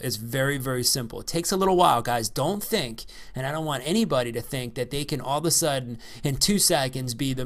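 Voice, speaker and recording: A man giving an unscripted coaching talk into a microphone, energetic and repetitive, often checking in with "all right?". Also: mid-range voice. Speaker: real estate investing coach. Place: by the ocean.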